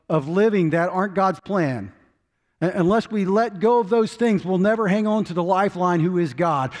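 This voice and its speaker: A man pastor preaching a sermon, swinging from loud urging to hushed, quiet intensity. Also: fairly high pitch, big-room sound. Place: church sanctuary.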